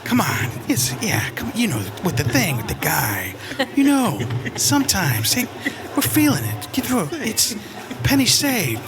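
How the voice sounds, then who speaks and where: A man's voice: wildly swooping pitch, unhurried, creaky, over music, full character voice. A man doing a nasal, mumbling old politician. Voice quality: nasal, pinched. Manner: trailing, muttered, low half-sentences. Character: mumbling older male politician, nasal and vague.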